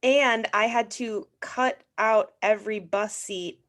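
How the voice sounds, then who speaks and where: A bubbly woman from northern Minnesota hosts a casual chat and peppers her sentences with "like". Her pitch sits in the middle for a woman. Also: takes it slowly, fairly bright tone. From northern Minnesota, USA. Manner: bubbly, filler-heavy talk with lots of "like". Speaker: podcast host.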